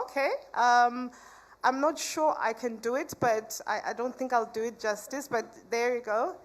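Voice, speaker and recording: A woman's voice: on the high side, unhurried. A woman from Africa, giving a chatty conference talk full of "you know" asides and banter with the audience. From South Africa. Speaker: conference speaker.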